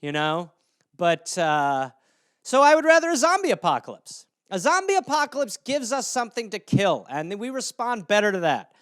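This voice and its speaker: Brief: animated comedy host, a man with a high, lively and crisp voice, profane casual riffing, dry close sound. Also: normal speed, no room sound.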